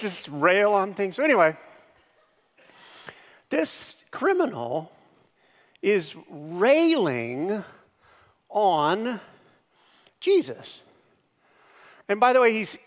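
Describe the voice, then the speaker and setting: Delivering an animated sermon, a high-voiced male pastor swings between hushed passages and sudden shouted impressions. His words trail off into a long reverb tail.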